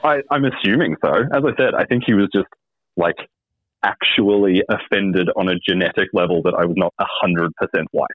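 A man's voice: sits low, fairly quick, no room sound. A man telling a dating story as a guest, wry and hesitant with many ums. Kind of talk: casual storytelling. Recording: tinny phone line.

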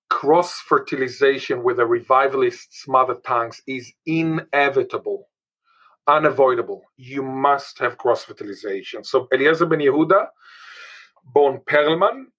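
A man's voice: medium pitch, fairly bright tone, rough recording. A man from Israel, a linguist guest, talking emphatically and restating his points. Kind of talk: emphatic interview talk.

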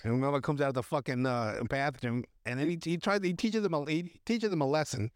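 A man with a slightly high voice rambles through a movie recap on his podcast, cursing freely and cracking himself up. His voice sits close and dry, with no room sound. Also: brisk, smooth, no room sound. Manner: profane, laughs often, loose rambling storytelling. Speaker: podcast host. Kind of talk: casual movie recap chat.

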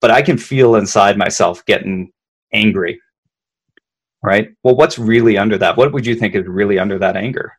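A man's voice: fairly low pitch, normal speed, breathy edge. A man, a leadership consultant, explaining emotions conversationally, often repeating words and checking in with "right?".

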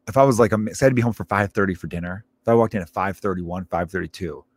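A man's voice: low-pitched, quick pace. A man in his thirties hosting a podcast, telling stories in a rambling, profane way, often breaking off mid-sentence. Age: 30s. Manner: rambling, profane, self-interrupting. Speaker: podcast host. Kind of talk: casual storytelling monologue.

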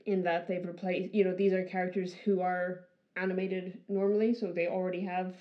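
A woman's voice: lowish voice, level tone, a little fast, dull audio. A woman co-hosting a podcast, talking casually with many fillers and frequent laughter. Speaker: podcast co-host. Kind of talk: casual chat.

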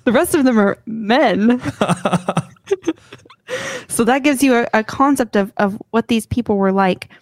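A woman's voice: on the high side, unhurried, pauses often, darkish tone, dry recording. A woman co-hosting a podcast who tells a story from her notes in a loose, giggly way, often stumbling over her words. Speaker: podcast co-host. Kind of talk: casual podcast chat, telling a story from notes.

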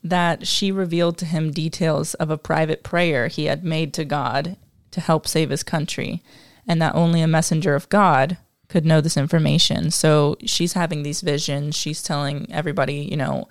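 Gravelly-voiced woman chatting history from her notes, lots of uh and um, dry close sound. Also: deep voice, fairly even intonation, normal speed, no echo. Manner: explains from notes with filler words and self-deprecating asides. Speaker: podcast co-host. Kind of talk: casual history discussion.

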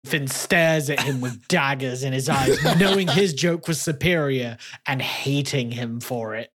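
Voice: medium pitch, unhurried, fairly bright tone. A player in a tabletop game, describing actions in a laid-back manner. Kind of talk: casual tabletop play.

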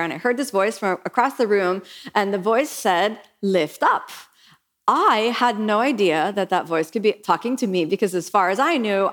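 A middle-aged woman yoga teacher who speaks earnestly and reflectively, lifting into lively voices when she quotes herself. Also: mid-range voice. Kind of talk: reflective podcast monologue.

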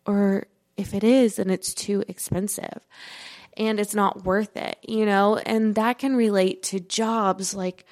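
Young adult woman, mid-pitched voice, solo podcast host; congested and a little breathless, loose chatty delivery full of fillers. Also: darkish tone. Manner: rambling, many "like" and "you know" fillers. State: stuffy nose; slightly out of breath. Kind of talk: casual podcast monologue.

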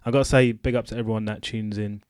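A man hosting a chatty podcast, joking with his co-hosts and giving listener shout-outs. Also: fairly low pitch, level tone, fast, clean tone, no echo, studio quality. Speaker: podcast host. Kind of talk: casual chat.

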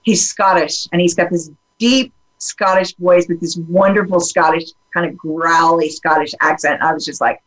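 A woman talking openly in a casual podcast conversation, animated and full of fillers and restarts. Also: on the low side, normal speed, few pauses, low-quality recording.

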